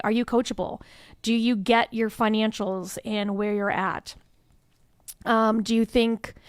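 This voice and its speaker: Chatty, upbeat woman interview guest with a smooth, clear voice and a dry, close sound; fillers throughout. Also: medium pitch, no room sound. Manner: chatty and enthusiastic, frequent "um, you know" fillers. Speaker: incubator staff member, interview guest. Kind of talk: conversational interview answer.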